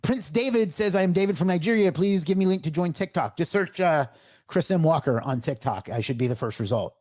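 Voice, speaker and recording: An upbeat man runs a livestream Q&A, reading out viewer comments and greeting each person by name. His voice sits on the high side, and he sounds a little out of breath. The recording is dry and close, with no room sound. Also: expressive, brisk, darkish tone, dry recording. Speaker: livestream host answering chat. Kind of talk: livestream Q&A, reading chat aloud.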